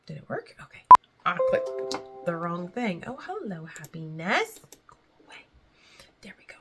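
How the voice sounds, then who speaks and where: A woman's voice: lowish voice, normal speed, creaky, over loud music. A woman talking to camera in a casual faith vlog, earnest and heartfelt, chatty and rambling between thoughts. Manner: earnest and heartfelt, close to tears at times. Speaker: faith vlogger.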